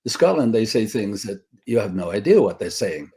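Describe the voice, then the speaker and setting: A man's voice: lowish voice, sing-song, fairly quick, mellow, slightly rough. An older man from Britain, a guest screenwriter telling rambling stories in a casual interview, full of fillers and restarts.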